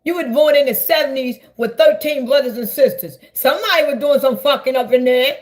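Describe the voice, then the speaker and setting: A woman, ranting loudly and profanely to her viewers on a live stream. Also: high voice, fairly quick. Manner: loud, profane, rambling, talks straight to viewers. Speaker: livestreamer. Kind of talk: casual live-stream rant.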